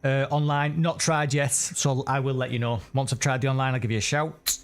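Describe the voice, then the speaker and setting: A man's voice: medium pitch, fairly even intonation, a little fast, soft background music. A man chatting casually and correcting himself while commenting on a racing game live. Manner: chatty, rambling, self-correcting. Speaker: sim racing streamer.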